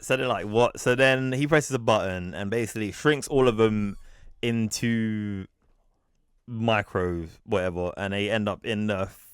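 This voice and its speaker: A man's voice: lowish voice, measured pace, smooth, no room sound, studio quality. A man co-hosting a podcast, casually recapping a comic storyline in a rambling, self-correcting way and muttering the characters' quotes. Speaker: podcast co-host.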